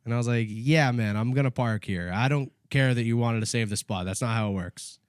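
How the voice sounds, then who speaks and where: A man co-hosting a casual comedy podcast, laughing often and shouting mock-angry bits as he tells stories. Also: medium pitch, a little fast, clean tone, no echo, clean studio sound. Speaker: podcast co-host.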